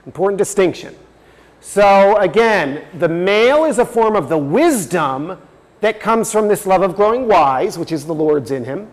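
A man's voice: high voice, expressive, normal speed, big-room sound. A man giving a religious teaching talk, explaining step by step and reading passages aloud. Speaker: presenter.

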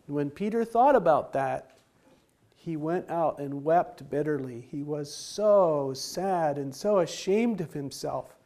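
A man with a high voice gives a Bible lesson as a slow, unhurried story. He explains each step in plain words and stops now and then to ask his listeners a question. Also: lively intonation, mellow. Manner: simple explanatory retelling with asked questions. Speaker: Bible teacher.

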